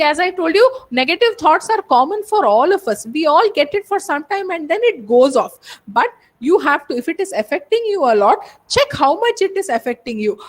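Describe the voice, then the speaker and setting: Brief: woman with an Indian English accent, high and lively voice, earnest webinar talk to students. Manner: earnest, repetitive, addresses students directly. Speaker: webinar speaker on exam stress. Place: home or office, webinar. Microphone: computer mic on a video call.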